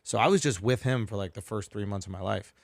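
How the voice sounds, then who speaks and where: Animated, swearing male comedian telling stories. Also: on the low side, quick pace, creaky, no room sound, studio quality. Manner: animated, laughing storyteller who swears freely. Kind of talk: casual podcast storytelling.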